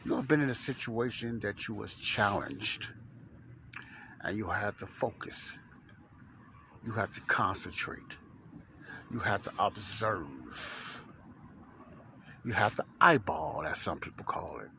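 A man's voice: fairly low pitch, lively intonation, takes it slowly, gravelly, pauses often, bright, forceful tone, slight background noise. A man hosting a casual podcast monologue as a minister, rambling and repeating himself, with religious asides, speaking from inside a parked truck at work. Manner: rambling and repetitive, with many fillers and restarts; folksy and religious, often saying "Lord's willing".

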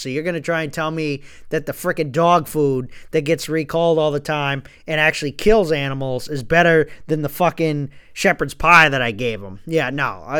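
A man's voice: on the high side, a bit bright, clear, resonant tone, no room sound, clean studio sound. A man ranting casually and comically to his listeners, profane and full of stammered restarts. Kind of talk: casual comedic rant.

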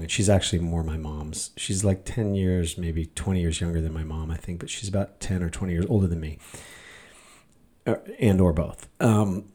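A man's voice: low-pitched, fairly quick, mellow, slightly rough. A middle-aged man hosting a podcast, telling a story in a rambling way with many fillers and restarts. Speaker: podcast host. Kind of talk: casual monologue podcast.

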